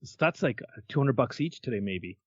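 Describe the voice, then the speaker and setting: A man co-hosting a podcast, telling stories in a lively way, acting out what people said and swearing casually. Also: medium pitch, moderate pace, no room sound, dull audio. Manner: animated storyteller who acts out quotes and swears casually. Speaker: podcast co-host. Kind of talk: casual chat, storytelling.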